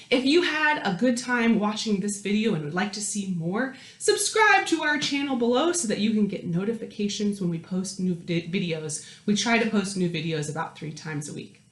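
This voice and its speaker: A woman hosting a children's storytime, reading aloud and chatting to young kids in a bright, lively sing-song manner. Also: on the high side, normal speed, hardly any pauses. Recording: roomy echo with piano. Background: piano.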